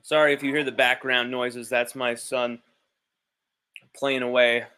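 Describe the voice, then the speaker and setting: A man's voice: mid-range voice, level tone, measured pace, pushed and bright, clean tone. A man hosting a sports livestream from home, talking casually in a rambling, blunt way with easy swearing. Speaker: sports podcast host. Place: at home with his child nearby.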